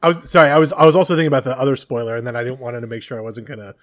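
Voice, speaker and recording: A man's voice: medium pitch, fairly even intonation, rapid-fire. A man co-hosting a podcast, chatting casually and eagerly about TV shows. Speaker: podcast co-host. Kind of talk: casual movie chat.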